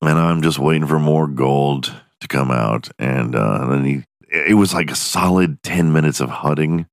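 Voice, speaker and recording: A man's voice: rumbling low, moderate pace, no room sound, clean studio sound. A man hosting a podcast, giving crude comedic commentary, swearing freely and laughing often as he mocks a clip. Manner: profane, laughing often, mocking. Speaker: podcast host.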